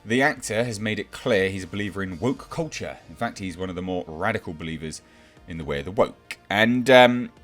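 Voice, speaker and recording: A man's voice: low voice, expressive, brisk, hardly any pauses, fairly bright tone, faint music behind. A man giving a sarcastic, exasperated ranting commentary, mocking what he reads out. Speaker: YouTube film commentator.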